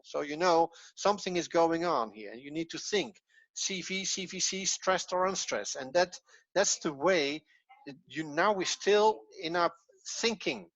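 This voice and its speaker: A man teaching a Hebrew class online, patient and encouraging, often pausing and restarting. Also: a little high, fairly bright tone, no room sound. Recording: dull, lo-fi, dry.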